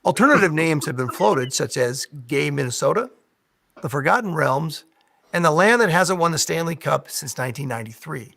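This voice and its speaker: A man reading a satirical news broadcast as the anchor, in a deadpan delivery. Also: on the high side, normal speed, vocal fry, dry recording.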